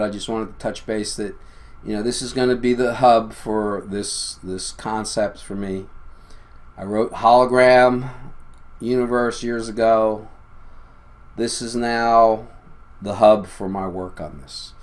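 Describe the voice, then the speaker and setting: A man hosting his own video, talking casually and insistently to viewers, with an uneven pace and shifting loudness. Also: mid-range voice. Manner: insistent, emphatic, often addressing viewers as "people". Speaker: video host. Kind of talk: casual monologue to camera.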